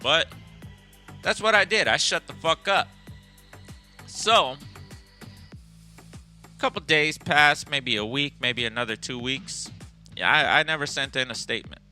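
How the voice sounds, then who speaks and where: Blunt, cussing man with a bright voice. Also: fairly high pitch, a little slow, pauses often, faint music behind. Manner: blunt, profane, street-smart. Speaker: EMS worker and instructor. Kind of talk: casual podcast storytelling.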